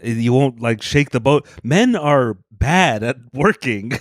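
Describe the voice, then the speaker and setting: A man's voice: medium pitch, lively intonation, takes it slowly, dry recording, studio quality. A young man co-hosting a comedy podcast, telling stories in a wry, casual way. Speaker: podcast co-host.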